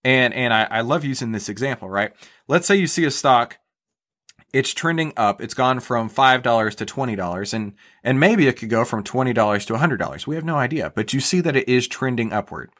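A man's voice: mid-range voice, lively intonation, fairly quick, fairly bright tone. A man with a mid-range voice talks through his method as a podcast guest. He explains things casually, stumbles over repeated words, and often tags on "right?". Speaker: guest, stock trader.

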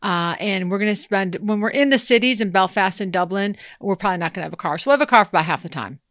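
A woman's voice: mid-range voice, fast talker, fairly bright tone, no room sound, clean studio sound. A woman co-hosting an advice podcast in casual chat, playful and teasing, often laughing. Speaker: podcast co-host.

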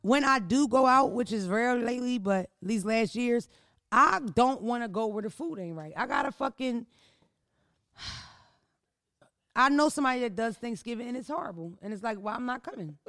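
A woman hosting a casual podcast chat, ranting loudly in a blunt, profane way. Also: fairly high pitch, lively intonation, moderate pace, no room sound, clean studio sound. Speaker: podcast host. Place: indoor recording room.

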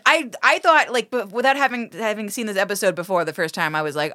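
A woman's voice: mid-range voice, a little fast, hardly any pauses, pushed and bright. A woman co-hosting a podcast, recapping a TV episode in casual chat; she giggles often, talks animatedly and swears freely. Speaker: podcast co-host.

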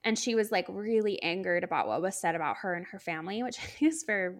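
A woman's voice: mid-range voice, animated, quick pace. A woman co-hosting a podcast in casual chat, talking in a chatty way with lots of "like" fillers. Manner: chatty, many "like" fillers, laughs while talking. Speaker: podcast co-host.

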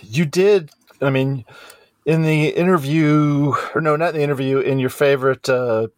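A man's voice: on the high side, fairly even intonation, normal speed, a little mellow, no room sound. A man co-hosting a casual podcast, teasing dryly and stumbling over restarts. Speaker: podcast co-host. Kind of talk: casual chat.

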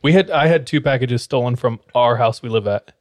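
A man co-hosts a podcast and tells a story in a casual, chatty way. He acts out the people in it, his pitch swinging up for their lines. The sound is dry and close. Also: fairly quick, no echo. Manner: animated, acts out quoted dialogue. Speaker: podcast co-host.

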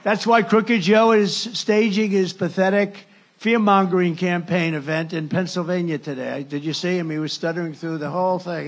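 A man with a husky, gravelly voice holds forth at a campaign rally. He rambles and jokes sarcastically, breaking off mid-thought and circling back, in a somewhat high register for a man. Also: steady tone, moderate pace. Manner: rambling, sarcastic, with self-interruptions. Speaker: presidential candidate.

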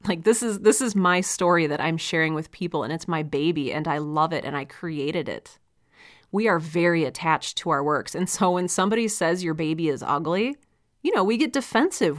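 A young woman hosting a podcast, speaking candidly and reflectively in casual solo talk, with light laughs as she goes. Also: fairly low pitch. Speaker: podcast host and audio drama creator.

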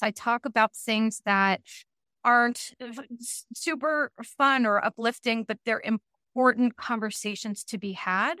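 A woman's voice: a little high, fairly bright tone, no echo, studio quality. A woman guest therapist on a podcast, speaking in an earnest, emphatic and reassuring way. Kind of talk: podcast conversation.

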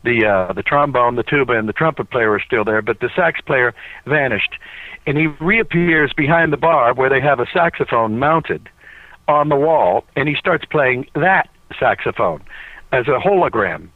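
A man's voice: medium pitch, moderate pace, dry recording, phone-quality sound. Guy telling a story in an interview, lots of uh's, sounds like a cell phone recording, dry and thin. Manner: animated storyteller, lots of filler "uh"s and restarts. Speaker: voice actor guest. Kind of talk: casual anecdote in an interview.

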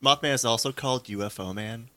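A man trading quick jokey quips in casual banter on a comedy podcast, laughing often. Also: mid-range voice, bright, forceful tone, no room sound. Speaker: podcast co-host.

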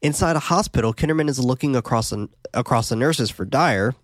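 A man's voice: mid-range voice, expressive, a little fast, no echo. A man casually recapping a horror movie for a podcast, laid-back, with fillers and laughs. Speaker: podcast host.

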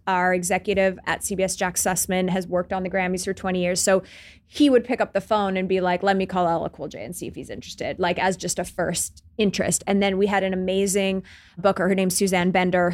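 A middle-aged woman sits in for a relaxed podcast chat at a middle pitch. She tells stories with energy and slips into little acted-out quotes of the people she describes. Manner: animated storytelling, acts out quotes. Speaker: guest, TV show creator and host. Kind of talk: casual podcast interview.

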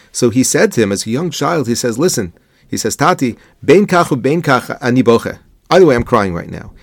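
Man, rabbi-style lecture, gravelly voice, dry close sound, earnest explaining. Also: mid-range voice, dry recording. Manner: earnest, thoughtful, uses Hebrew and Yiddish terms. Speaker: rabbi giving a Torah lesson.

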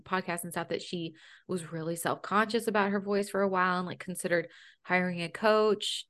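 A woman's voice: on the low side, steady tone, fairly quick, a bit bright. Woman, podcast guest, home organizer, casual chat, blunt, chatty, swears freely.

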